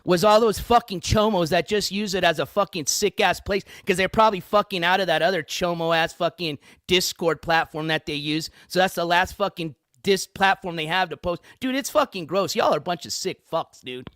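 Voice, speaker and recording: A man's voice: high voice, moderate pace, hardly any pauses, a bit bright, no room sound, studio quality. A man hosting a livestream news show, ranting in an angry, profane, combative way.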